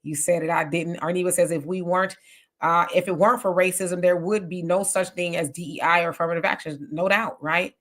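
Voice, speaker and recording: A woman hosting a casual live stream, reading viewer comments aloud and reacting with chatty, animated remarks. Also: fairly low pitch, fairly quick.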